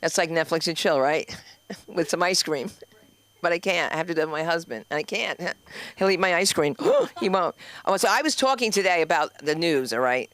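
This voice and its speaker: A woman's voice: on the low side, animated, brisk, fairly bright tone. A woman from New Jersey with a New Jersey accent, the school's owner, hosting a stand-up show in a brash, profane, rambling way. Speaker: comedy school owner and host. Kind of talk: stand-up comedy. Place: comedy club stage.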